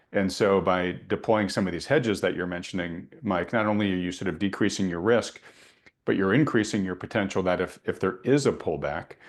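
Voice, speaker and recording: Male host, deep voice, conversational, stops and restarts a lot. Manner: halting, many restarts. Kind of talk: conversational panel discussion.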